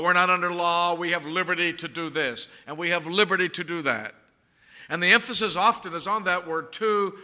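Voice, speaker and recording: Male pastor, high bright voice, emphatic sermon delivery with slow drawn-out pauses.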